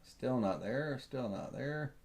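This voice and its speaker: Rambling Southern man teaching software. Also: medium pitch, slow. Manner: relaxed, rambling, thinks aloud with many fillers. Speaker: software tutorial host. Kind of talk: live software tutorial.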